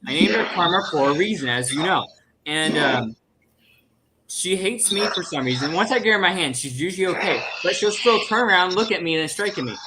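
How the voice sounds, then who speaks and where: An easygoing man talking as a podcast guest, joking in casual chat. His voice sits a little high, and a clear hiss runs under it on the line. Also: animated, a little fast. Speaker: podcast guest, snake keeper.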